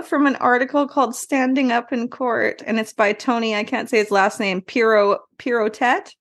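A woman's voice: fairly high pitch, fairly even intonation, moderate pace, hardly any pauses, fairly bright tone. A woman co-hosting a casual podcast, loose and wisecracking, laughing as she reads her notes. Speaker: podcast co-host.

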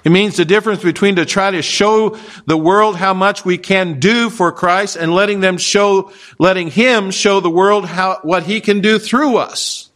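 A man's voice: high voice, unhurried, hardly any pauses, a bit bright. A male pastor preaching an expository sermon in a conversational way, often asking his listeners rhetorical questions.

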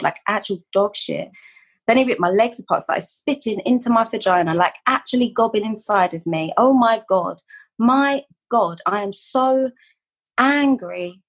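A woman's voice: medium pitch, husky. A woman, a poet guest reading her work in a blunt, slangy voice and then chatting casually. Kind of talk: poetry reading and casual chat.

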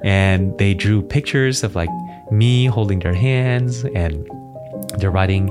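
A man in his thirties with a low voice shares a family story on a podcast, easygoing and chuckling as he goes. Soft instrumental music plays clearly underneath. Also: slow. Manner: warm anecdotal, chuckling, playful voices for his kids. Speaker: podcast co-host.

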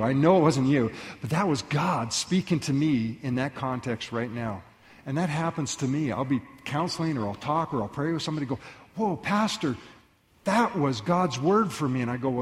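Man, pastor, sermon, animated storytelling, mid-pitched voice, long hall reverb.

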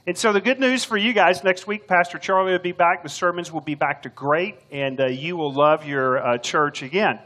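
A man's voice: on the high side, moderate pace, few pauses, sharp tone. An older man, filling in as preacher, delivering a sermon in a folksy, joking storytelling way. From Texas. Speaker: substitute preacher.

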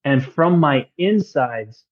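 A man guest on a podcast, telling a personal faith story in an earnest, excitable way with casual slang. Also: mid-range voice, slow pace, highs cut off. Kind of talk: casual testimony chat.

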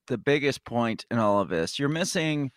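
Male podcast co-host, mid-pitched voice, dry close mic, blunt and sarcastic. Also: expressive, normal speed, no echo. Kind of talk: casual news commentary chat.

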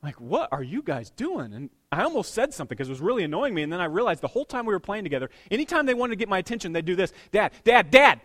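A male pastor delivers a sermon in a high voice, racing along with hardly any pauses. He swings between hushed, intimate lines and loud, excited bursts.

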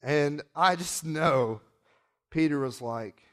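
A man preaching with a somewhat high voice, retelling a story with animated asides. He slips into the characters' voices as he goes, and the talk is a sermon. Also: slow. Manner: storytelling, acting out quoted characters.

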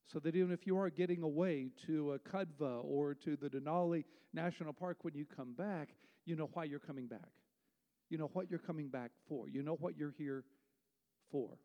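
A man delivers an emphatic, rhetorical sermon from the pulpit. His voice sits a little high yet sounds mellow and warm. A long reverb trails each phrase, as in a large sanctuary. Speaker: pastor.

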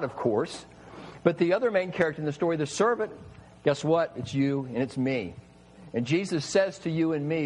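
A man's voice: high-pitched, breathy edge, poor audio. A man preaching a sermon, emphatic and full of rhetorical questions to his listeners.

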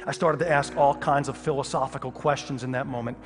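Male pastor, lively comic storytelling sermon, reverberant hall, faint music behind. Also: medium pitch, quick pace, few pauses. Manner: animated, humorous storytelling with sudden loud outbursts.

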